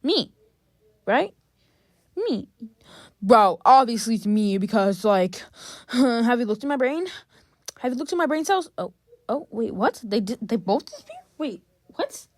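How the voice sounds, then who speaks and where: A woman's voice: fairly high pitch, sing-song, unhurried, pauses often, dry recording, studio quality. A young woman giving casual gameplay commentary, chatty and exasperated, talking straight to her viewers. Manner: chatty, exasperated, talks to chat. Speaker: gaming vlogger.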